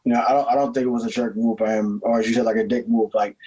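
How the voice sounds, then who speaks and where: A man's voice: on the low side, flat delivery, very fast, warm tone, breathy edge, muffled recording. A man co-hosting a sports podcast who chats casually and hesitantly, often repeating his words. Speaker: podcast co-host.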